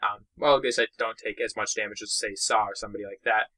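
A young man from Boston giving excitable, chatty commentary while playing a mobile game. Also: on the low side, quick pace, poor audio. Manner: excitable, chatty, narrates own moves. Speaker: gaming YouTuber. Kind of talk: let's play commentary.

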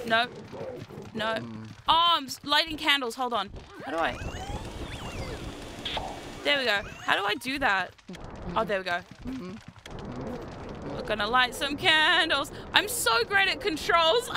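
A woman streamer giving live gameplay commentary. She is excitable, shrieks and swears at the game, and makes chatty, self-mocking asides to viewers. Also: sits high, background noise. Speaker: VTuber streamer playing a video game. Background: game music.

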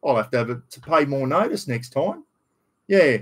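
A man's voice: medium pitch, sing-song, normal speed, fairly bright tone, breathy edge. A middle-aged Australian man chatting bluntly and rambling on a casual live stream, still getting over a cough. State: slight cough after illness. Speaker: livestream host.

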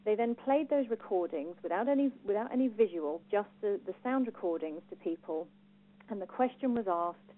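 A woman with a Home Counties English accent giving a lively talk on personal branding to a live audience, asking them questions. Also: medium pitch, normal speed. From England. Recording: phone-like thin sound.

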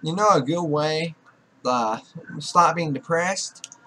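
Slow and sharp-toned, this young man's somewhat high voice comes with a faint hiss or hum. Clearly fed up, he swears heavily through his Let's Play, scolding the game characters and ordering them around as a gaming YouTuber.

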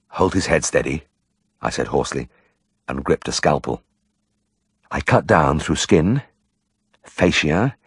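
Male audiobook narrator, deep, husky, dry close sound. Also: no room sound.

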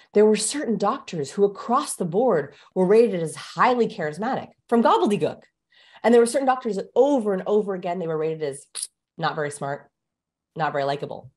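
A woman guest expert explaining things in a brisk, emphatic way during an interview. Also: medium pitch, animated, darkish tone.

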